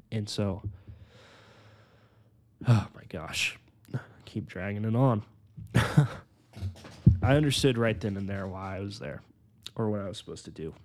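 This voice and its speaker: A man in his twenties telling his personal faith testimony on a podcast, earnest and full of "like"s, slowing down on the heavy parts. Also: lowish voice. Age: 20s. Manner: earnest, filler-heavy storytelling with many "like"s; slows down and softens on emotional points. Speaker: podcast host.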